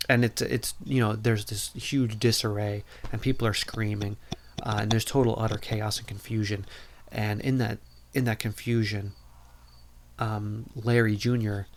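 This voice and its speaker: A man hosting a podcast, recapping a movie plot in a casual, rambling way full of filler words, talking from a room at home. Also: lowish voice. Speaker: podcast host.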